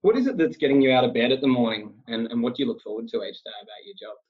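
A man's voice: medium pitch, big pitch swings, very fast. A man interviewing a guest, asking loose, friendly questions with some fillers. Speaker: podcast host, interviewer. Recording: dull lo-fi sound.

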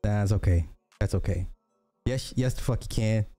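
Blunt, mellow-voiced man reacting to clips. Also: on the low side, moderate pace, soft background music. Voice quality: blunt, profane, jokey asides. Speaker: commentary host reacting to clips. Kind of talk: casual reaction commentary.

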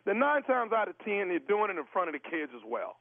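A man's voice: high-pitched, big pitch swings, quick pace, dry recording. A man playing a formal, insistent child services caseworker in a prank phone call. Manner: formal, insistent, keeps saying sir. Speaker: prank caller. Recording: tinny phone line.

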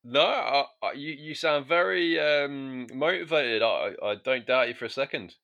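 A man's voice: mid-range voice, a little slow, gravelly, pushed and bright, highs cut off. A man co-hosting a comedy podcast, chatting casually with stumbles and restarts. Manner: hesitant, stumbling restarts, dry. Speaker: podcast co-host.

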